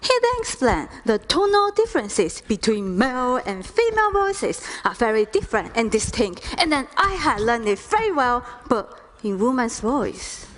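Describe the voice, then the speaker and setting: A woman from China whose first language is Chinese, speaking English on a lecture stage as a first-person interpreter, with slow, deliberate phrasing. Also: on the high side, sing-song. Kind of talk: stage talk.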